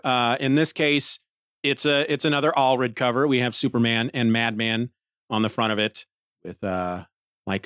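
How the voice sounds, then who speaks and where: A man's voice: medium pitch, a bit bright, dry recording, clean studio sound. A man recapping a comic book in a casual, rambling podcast style, often restarting his sentences. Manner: rambling, with restarts and short laughs. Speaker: podcast host reviewing a comic.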